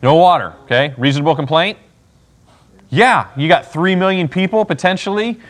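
A man's voice: on the high side, expressive, normal speed. A man leading a Bible study, talking casually and often checking in with "okay?" as he acts out what people would say. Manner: conversational, acts out people's lines. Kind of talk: casual teaching.

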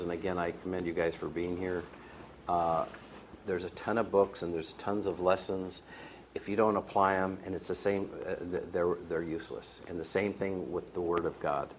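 A man's voice: sits low, a little hiss or hum. A man in his sixties giving a church talk on marriage, rambling and acting out the quotes in his stories. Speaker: marriage ministry speaker.

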